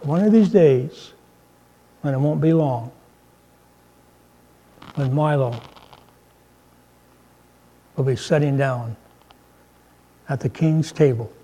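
A man's voice: mid-range voice, dark tone, husky, low-quality recording. A man preaching a sermon in a conversational way, mixing humor and scripture and lifting his voice for emphasis. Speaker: pastor.

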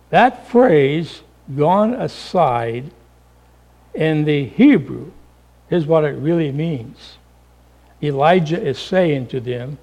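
A middle-aged male pastor preaching a sermon, dramatic, acting out voices and swinging between loud calls and hushed lines, calling the listeners folks. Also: on the high side, very animated, slow, long pauses. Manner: addresses the congregation as folks.

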